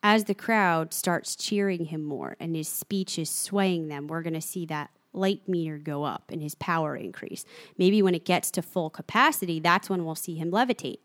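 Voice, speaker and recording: Lower-voiced woman discussing a book. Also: moderate pace, no echo. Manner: animated, reads book passages aloud. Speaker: podcast co-host. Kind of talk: casual book and show discussion.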